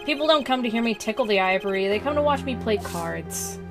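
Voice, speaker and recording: A woman's voice: a little high, expressive, brisk. A woman voicing a wry young male defense attorney with dry narration. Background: game music.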